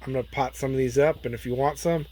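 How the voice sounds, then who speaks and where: A man hosting a casual gardening vlog, rambling in a relaxed way with lots of fillers and trailing asides. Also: mid-range voice, fast. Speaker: plant grower and channel host.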